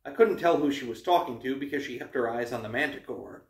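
A man reading a novel aloud for his channel, in steady narration with small stumbles. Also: mid-range voice, fast. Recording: roomy, distant mic.

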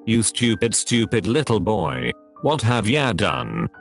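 A man's voice: lowish voice, big pitch swings, takes it slowly, gravelly, soft background music, heavily acted. A text-to-speech male voice reading the lines of a desperate, loving father who talks in a folksy, drawling dialect. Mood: frantic. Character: desperate loving father, middle-aged man.

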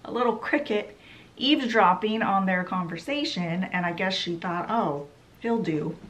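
A woman's voice: medium pitch, fairly bright tone, rough recording. Chatty woman retelling a story. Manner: chatty, loose with lots of "she's like". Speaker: book vlogger. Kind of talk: casual book summary retelling.

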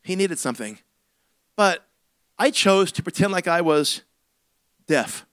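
A middle-aged man, a senior pastor, telling a comic story in a sermon with big swings between loud and hushed. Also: high-pitched, expressive, measured pace, clear, resonant tone, dry recording.

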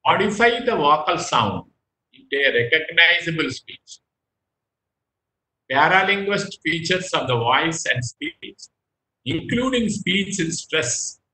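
Bright-voiced man giving a lecture. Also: fairly high pitch, roomy sound, low-quality recording. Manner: repeats phrases, pauses and restarts mid-sentence. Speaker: medical lecturer. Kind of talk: recorded medical lecture.

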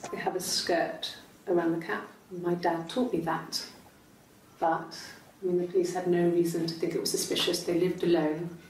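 An actress playing a woman questioned by police, speaking in a quiet, even, hesitant way. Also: on the low side, normal speed, natural voice. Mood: subdued. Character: woman questioned by police about her parents' death. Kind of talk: recorded police interview footage in a game. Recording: roomy, distant interview recording with faint noise.

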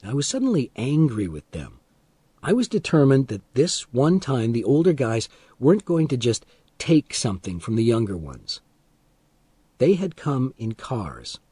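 A man reads a story aloud slowly and deliberately, with a lively, rising and falling delivery. His voice sits at an ordinary pitch. The recording is close and dry, with no room sound. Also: husky, no echo. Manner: slow, deliberate, expressive reading. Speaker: audiobook narrator. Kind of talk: scripted narration of a graded reader.

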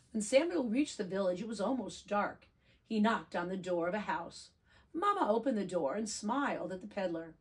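Expressive woman reading a picture book. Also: medium pitch, moderate pace, husky. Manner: gentle, expressive. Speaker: preschool teacher.

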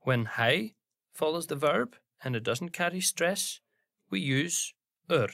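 A man teaching a language lesson in scripted narration, giving careful, slow pronunciation examples. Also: on the high side, expressive, gravelly, fairly bright tone, no room sound, clean studio sound.

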